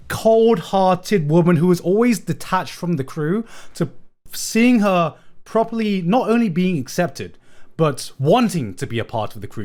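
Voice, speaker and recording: A young man chatting casually on a live stream. He is excitable, swears a lot and repeats himself. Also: a little high.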